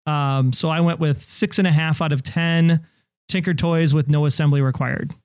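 Chatty man co-hosting a podcast, slightly high voice. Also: steady tone, moderate pace, no room sound, studio quality. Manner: chatty, laughs easily. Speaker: podcast co-host. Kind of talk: casual podcast chat.

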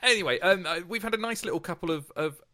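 A man's voice: sits high, fast, bright, forceful tone. A man hosting a podcast in casual chat, dry and teasing, laughing often, talking into a close mic. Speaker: podcast host. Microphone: close podcast mic, wearing earbuds.

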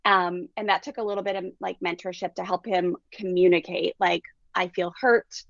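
A woman's voice: lowish voice, brisk, vocal fry, no room sound. A woman in her forties, a parenting coach, telling stories in a casual interview and acting out the quotes. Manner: animated, acts out quotes in different voices. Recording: dull dry lo-fi recording.

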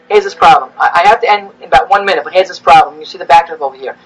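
A man, a rabbi, giving a classroom lecture, animated and rising in pitch as he acts out the prophets' complaints. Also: rapid-fire, husky, low-quality recording.

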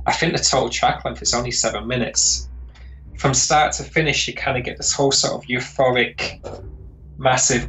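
A man's voice: medium pitch, steady tone, normal speed, fairly bright tone, poor audio. A man, a composer chatting in an interview, rambling and searching for words. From northern England. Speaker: composer guest. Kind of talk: casual interview chat.

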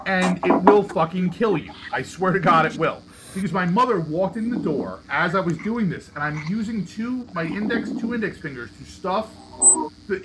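A man with a slightly high voice tells a story on a casual podcast, animated and quick to laugh. Steady hiss and noise sit under his voice the whole time. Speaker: podcast co-host. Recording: noisy podcast recording.

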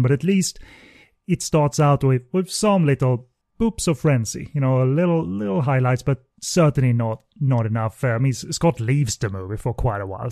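A man with a mellow, warm tone talks through a film review, pausing and restarting his thoughts often. The recording is close and dry, with no room sound. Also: mid-range voice, dry recording. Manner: hesitant, many fillers and restarts. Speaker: podcast host. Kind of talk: casual film review chat.

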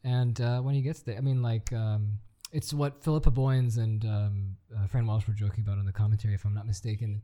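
A man's voice: on the low side, steady tone, brisk, hardly any pauses, warm tone. A man chatting casually as a podcast co-host, hesitant and full of fillers. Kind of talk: casual chat.

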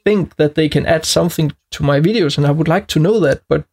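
Danish-accented man, podcast guest, gravelly, hesitant with frequent restarts. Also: on the high side, a little fast, a little mellow. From Denmark. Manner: hesitant, many restarts and fillers. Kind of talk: podcast conversation.

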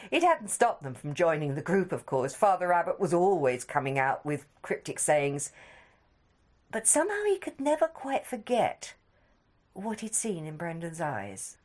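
Woman reading a story aloud, swoopy expressive voice, calm measured telling. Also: on the low side. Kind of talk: scripted story narration.

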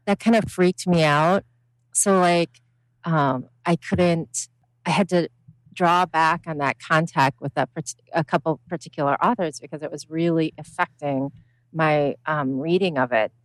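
A woman co-hosting a podcast in casual chat, measured and reflective with halting phrasing. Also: low-pitched, dry recording, poor audio. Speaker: podcast co-host.

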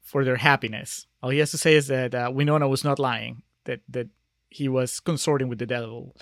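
A man's voice: mid-range voice, steady tone, fairly quick, a bit bright, no echo, clean studio sound. A man on a podcast chatting casually about a movie, adding wry asides and filling in plot details. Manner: wry asides, light laughter. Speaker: podcast co-host. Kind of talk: casual movie recap chat.

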